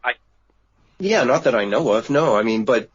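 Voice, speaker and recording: A man telling of a sighting in a halting way with many restarts, as a guest on a remote interview. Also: medium pitch, lively intonation, slightly rough. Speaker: guest witness. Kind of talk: casual radio interview. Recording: dull lo-fi remote line.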